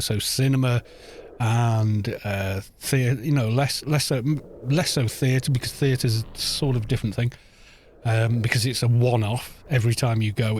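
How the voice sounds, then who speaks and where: A man's voice: medium pitch, darkish tone, slight background noise. A man chatting casually while streaming a game, musing aloud with plenty of fillers.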